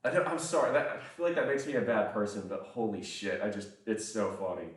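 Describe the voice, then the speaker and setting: A man's voice: fairly low pitch, animated, brisk. A man chatting casually on a livestream, rambling and profane, often breaking into laughter. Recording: echoey room, voice far from mic.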